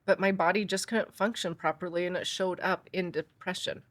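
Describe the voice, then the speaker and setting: A woman's voice: lowish voice, steady tone, normal speed, dry recording. A woman hosting a podcast interview, reacting with short gasps and affirmations. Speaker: podcast host. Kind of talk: empathetic interview chat.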